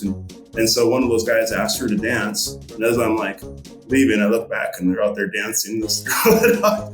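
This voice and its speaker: Low-voiced rambling fishing guide, roomy sound. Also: male voice, fairly even intonation, normal speed, soft background music. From Montana. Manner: rambling, with many fillers and restarts. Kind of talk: casual storytelling interview.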